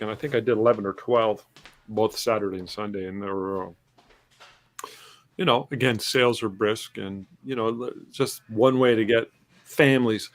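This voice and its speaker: A man with a fairly low voice hosts a loose, casual chat over a video call. He jokes and teases his co-host as they talk shop. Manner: joking, teasing. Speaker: podcast host.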